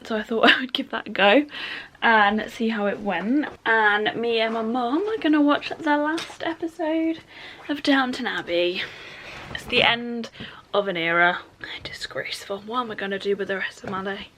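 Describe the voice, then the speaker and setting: A young woman, chatting in an excitable, gushing way in a casual vlog. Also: on the high side, normal speed. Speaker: vlogger. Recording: faint background noise.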